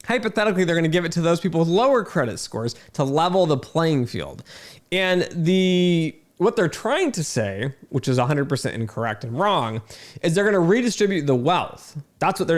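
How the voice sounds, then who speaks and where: A man delivers an exasperated talking-head rant, his voice sitting a little high for a man. He talks emphatically and incredulously, restarting sentences and repeating words as his irritation builds. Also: sing-song, brisk. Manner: emphatic, repeats himself, many fillers and restarts. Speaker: video host.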